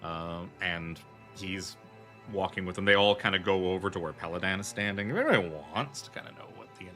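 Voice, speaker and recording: A man's voice: low voice, a little fast, bright, forceful tone, soft background music. A man narrating as game master of a tabletop horror game, rambling loosely with many fillers.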